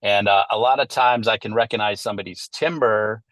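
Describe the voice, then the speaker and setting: Male interview host; conversational, thoughtful questions; lowish voice; dry audio. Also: fairly even intonation, moderate pace, a bit bright, dry recording. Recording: dry, close sound.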